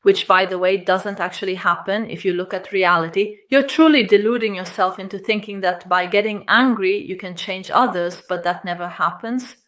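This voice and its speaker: A woman's voice: medium pitch, normal speed, hardly any pauses, fairly bright tone. A woman love coach giving direct advice to the camera, blunt and lecturing, full of rhetorical questions.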